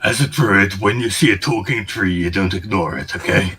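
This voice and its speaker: A man's voice: low voice, moderate pace, sharp tone. A man playing a tabletop game, talking bluntly and swearing freely. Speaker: player. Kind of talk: casual game chat.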